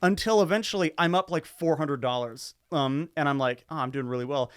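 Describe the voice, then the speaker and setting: A man's voice: fairly high pitch, fairly quick, smooth, no echo, clean studio sound. A man on a podcast telling a long, rambling story in casual chat with lots of fillers and restarts. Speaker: podcast co-host.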